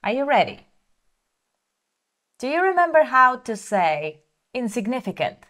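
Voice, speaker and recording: A woman teaching vocabulary, repeating each word slowly and carefully for learners. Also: fairly high pitch, sing-song, noisy background. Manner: slow, careful repetition for learners. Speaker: language teacher. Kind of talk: slow vocabulary lesson.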